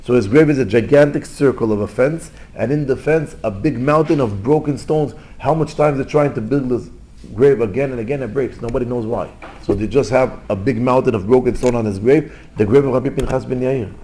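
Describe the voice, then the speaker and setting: A rabbi giving an informal Torah lesson, telling stories in lively, non-native English. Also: male voice, mid-range voice, a little fast, a little hiss or hum, rough recording. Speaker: rabbi teaching a class.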